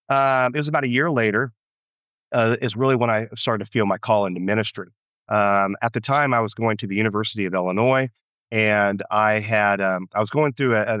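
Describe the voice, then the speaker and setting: Earnest low-voiced pastor telling his story. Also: fairly bright tone, no echo. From United States. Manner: earnest, reflective, many restarts. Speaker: pastor and interview guest. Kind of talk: storytelling interview answer. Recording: dull muffled lo-fi sound.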